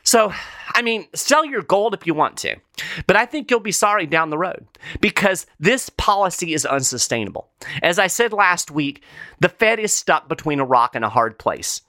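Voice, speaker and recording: A man's voice: on the high side, sing-song, normal speed, bright, forceful tone, no room sound. A man hosting a show, delivering a skeptical solo commentary with emphatic, sarcastic asides. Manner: opinionated, skeptical. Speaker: show host.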